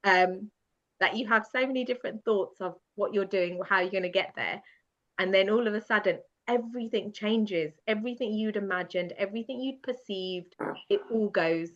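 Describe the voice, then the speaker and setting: A woman guest telling a personal story in a lively, self-mocking way, often laughing as she goes. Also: mid-range voice, moderate pace. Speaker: podcast guest. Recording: dull lo-fi sound.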